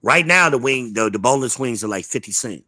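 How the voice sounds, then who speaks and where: A man's voice: medium pitch, lively intonation, fairly quick, bright, forceful tone, no echo. A man from Charlotte hosting a live online talk show, talking in a blunt, profane, swaggering, opinionated way. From Charlotte, United States. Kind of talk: casual opinionated chat.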